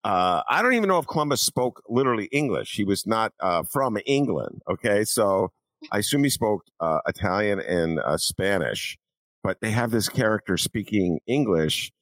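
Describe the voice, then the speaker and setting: Gravelly, animated male podcast host. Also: lowish voice, normal speed, no room sound. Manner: animated, rambling with many fillers and mock voices. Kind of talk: casual political talk.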